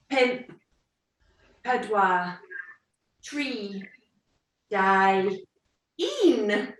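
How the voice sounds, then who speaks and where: A woman's voice: mid-range voice, big pitch swings, extremely slow, pauses often, fairly bright tone, far from the mic. A woman taking part in a workout class, chatting and counting in a playful way. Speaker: class participant. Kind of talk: casual chat during a workout. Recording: roomy, away from the mic.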